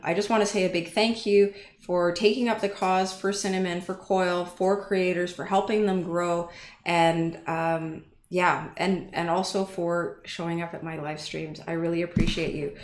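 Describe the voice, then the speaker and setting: Chatty livestream host woman, echoey room. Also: on the low side. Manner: chatty, easily flustered, talks to chat. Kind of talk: casual livestream chat. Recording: echoey room with faint noise.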